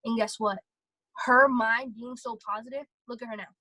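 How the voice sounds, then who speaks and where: A young woman talking casually and excitedly on a motivational vlog, full of fillers. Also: on the high side, normal speed, no room sound, poor audio. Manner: chatty, filler-heavy, excitable. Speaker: vlogger.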